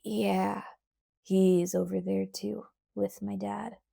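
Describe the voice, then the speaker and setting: Worried young man, hushed urgent delivery, slow, gravelly, dark tone, read by a woman. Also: medium pitch, flat delivery, no echo, clean studio sound, full character voice.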